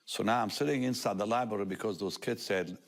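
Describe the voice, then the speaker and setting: An older man with a somewhat low voice shares a personal testimony as a guest on a talk show. He tells it with animation, laughing often and acting out the words of others. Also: quick pace.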